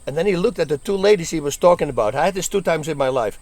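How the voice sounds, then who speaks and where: Animated man telling bar stories. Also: on the high side, fast talker. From Netherlands. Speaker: former bouncer telling stories. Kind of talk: casual storytelling.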